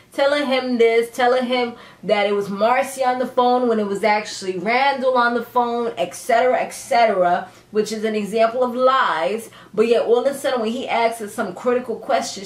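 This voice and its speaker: A woman with a fairly high voice chats through a TV episode recap in a sassy, animated way, swinging her pitch up for emphasis and laughing often. Her voice carries noticeable echo from the room. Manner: laughs often while talking. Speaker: TV recap vlogger. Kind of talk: casual chatty TV recap. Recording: echoey room.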